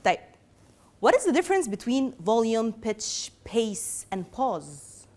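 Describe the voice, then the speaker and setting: An Egyptian woman lectures in a classroom, lively and playful with her students. Her voice sits a little high. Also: a little slow. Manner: lively, mixes Arabic and English, teasing. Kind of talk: classroom lesson.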